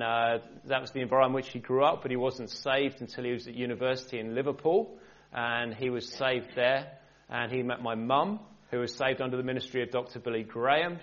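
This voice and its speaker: A man's voice: mid-range voice, fairly bright tone. A man speaks as a minister, telling his personal faith story to a church gathering. His delivery is conversational, with light joking asides. The recording is muffled and lo-fi. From England. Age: 40s. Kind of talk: personal testimony in a church talk.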